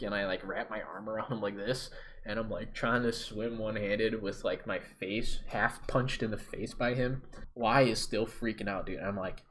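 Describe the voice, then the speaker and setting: A young man casually telling a story to camera, talking in slang and getting louder and more animated at the exciting parts. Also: fairly low pitch, a little hiss or hum. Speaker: storyteller vlogger.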